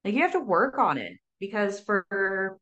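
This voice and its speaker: A woman talking casually as a sober coach guest, lively, full of fillers and acted-out quotes. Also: medium pitch, normal speed, breathy edge. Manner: animated, says "like" often, acts out quotes. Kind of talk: casual interview talk.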